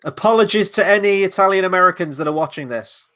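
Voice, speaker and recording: A man's voice: high-pitched, fast, fairly bright tone. Rambling man hosting a movie watchalong. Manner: rambling, swears casually; reads out and answers chat questions. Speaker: host. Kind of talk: live movie watchalong commentary.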